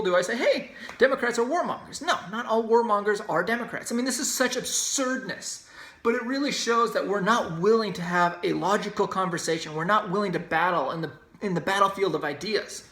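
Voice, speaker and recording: A man hosts a solo opinion podcast, ranting and insisting as he argues his points emphatically. His high-pitched voice sounds pushed and bright, and the room adds a noticeable echo.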